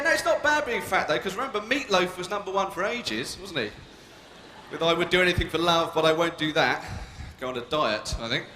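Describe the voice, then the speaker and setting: A young British man doing live stand-up comedy, cheeky and provocative as he banters with the crowd. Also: high-pitched. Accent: British English. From Britain. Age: young adult. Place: large arena stage with a live audience. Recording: echoey arena with long reverb and crowd noise.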